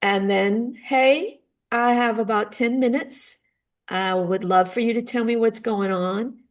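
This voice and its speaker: A middle-aged woman and spiritual guide speaking in a gentle, earnest way about healing, now and then acting out little dialogues. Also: fairly high pitch, measured pace. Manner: gentle, earnest, acts out short dialogues with lively shifts. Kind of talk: heartfelt talk on healing grief.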